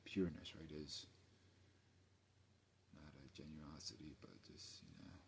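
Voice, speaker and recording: A man's voice: a bass voice, animated, unhurried, creaky, a little hiss or hum. A man, ranting late at night at home in a rambling, profane, mumbling way. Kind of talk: late-night personal rant.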